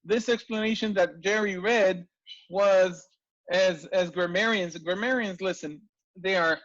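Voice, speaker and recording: A man teaching an online language class, lively and full of rhetorical questions. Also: high voice, a little slow, dry recording, highs cut off. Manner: lively, asks rhetorical questions, frequent restarts. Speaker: language lecturer.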